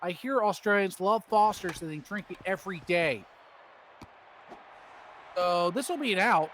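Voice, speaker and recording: A man's voice: high-pitched, animated, unhurried, a bit bright. A man doing rambling, jokey play-by-play commentary on a baseball video game stream.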